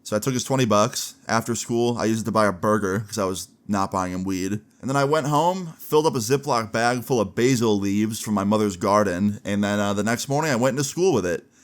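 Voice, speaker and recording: A man's voice: on the low side, fairly quick, hardly any pauses. A young man casually telling a story from his school days, slangy and laid-back, often adding "like" and "right?". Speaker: storyteller vlogger. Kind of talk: casual story-time narration.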